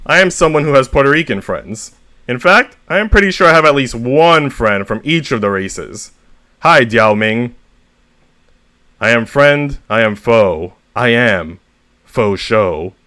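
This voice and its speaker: Man reading comic stories, lively pitch. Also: dry recording. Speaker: VTuber reader. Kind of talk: reading humorous short stories aloud.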